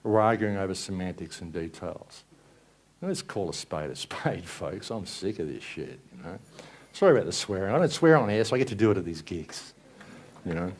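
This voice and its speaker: A man's voice: low voice, expressive, normal speed. A man giving an angry, sarcastic presentation at a live event, swearing and ranting. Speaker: speaker at a conference.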